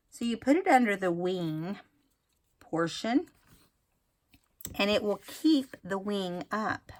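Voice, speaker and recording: A woman hosting a craft tutorial, talking casually and rambling as she demonstrates. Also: on the low side. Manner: chatty, rambling, self-admittedly unhurried.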